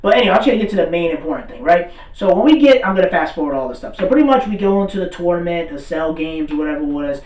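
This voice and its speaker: A man rattles through an anime recap, excitable and rambling, cursing freely and waving details off with "blah, blah". His voice sits back from the mic in a roomy space. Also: high voice, very fast, few pauses, recorded from a distance. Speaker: anime commentator. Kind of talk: casual recap rant.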